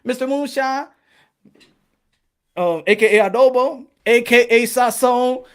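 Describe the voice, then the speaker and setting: A man's voice: extremely high pitch, steady tone, measured pace, smooth. A man hosting his boxing channel, delivering a rambling comedic rant full of laughter, swearing and preachy asides.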